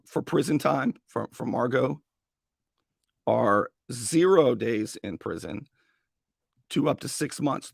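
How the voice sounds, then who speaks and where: Gravelly animated male talk radio host. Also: dry recording, studio quality. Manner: animated, acts out mock dialogue with sudden high-pitched bursts. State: strained voice after a long day. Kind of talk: opinionated talk radio monologue.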